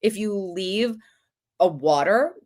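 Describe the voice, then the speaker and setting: A woman's voice: medium pitch, expressive, slow, a little mellow. A woman voicing an aloof, independent female house cat with a sassy, dismissive manner.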